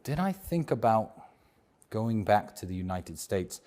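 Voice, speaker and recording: A man with a British accent, talking as a guest in an interview in a measured, reflective and outspoken way. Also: fairly low pitch, sing-song, a little mellow. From England. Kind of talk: casual interview talk.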